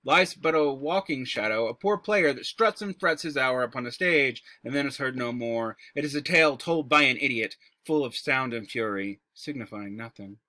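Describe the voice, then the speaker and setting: A man reciting the lines of a weary, despairing male king in a slow recitation that sinks at the ends of lines. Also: mid-range voice, pushed and bright, dry recording, voice pushed down, natural voice.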